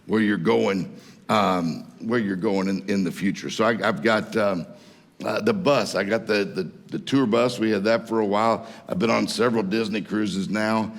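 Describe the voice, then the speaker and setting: A man's voice: fairly low pitch, normal speed. A man from Mississippi, preaching a sermon in a folksy storytelling way and laughing at his own jokes. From Mississippi, USA. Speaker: guest preacher. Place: church hall. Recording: long church hall reverb.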